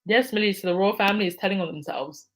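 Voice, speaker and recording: A woman's voice: mid-range voice, quick pace, fairly bright tone, rough recording. A woman hosting a casual live stream, reading out viewer comments and answering them by name, laughing often. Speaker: livestream host reading chat.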